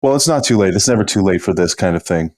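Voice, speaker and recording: A man's voice: low voice, animated, fast, a little mellow. A man co-hosting a casual comedy podcast, making crude, dry wisecracks. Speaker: podcast co-host.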